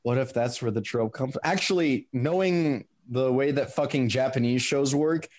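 A man co-hosting a podcast in casual chat, animated and profane, quick to laugh. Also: medium pitch. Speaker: podcast co-host.

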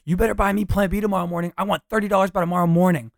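Guy doing a shrill angry drunk girl, high and snippy, dry close mic. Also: steady tone, rapid-fire, gravelly, dry recording. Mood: demanding. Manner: scolding, high-strung.

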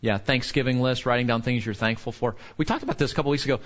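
A man's voice: mid-range voice, rapid-fire, a bit bright. Earnest man teaching a Bible class. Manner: earnest, asks the room questions, frequent restarts. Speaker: pastor or teacher. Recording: dull lo-fi recording.

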